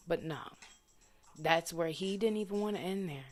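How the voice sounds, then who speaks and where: A woman's voice: on the low side, normal speed. A young adult woman vlogger telling a frustrating personal story in a blunt, profane, casual monologue full of indignant questions. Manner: vents with indignant rhetorical questions.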